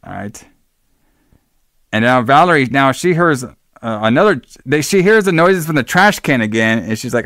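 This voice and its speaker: A man's voice: mid-range voice, animated, moderate pace, fairly bright tone, dry recording, studio quality. A man hosting a podcast alone, recapping a film in a loose, profane way with lots of fillers. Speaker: podcast host. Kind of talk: casual movie recap.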